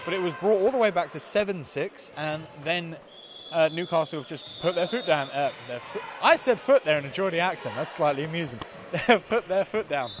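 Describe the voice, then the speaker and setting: A man's voice: fairly high pitch, lively intonation, noisy background. Man calling volleyball play-by-play. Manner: brisk play-by-play calls, wry asides. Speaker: play-by-play commentator. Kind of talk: live sports commentary.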